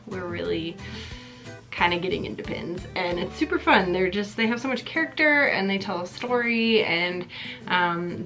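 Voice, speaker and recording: A woman vlogging as she opens gifts, gushing and excited, near tears, with a chatty manner full of fillers. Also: mid-range voice. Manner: gushing, excited, breathy gasps, many fillers. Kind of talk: casual vlog chat.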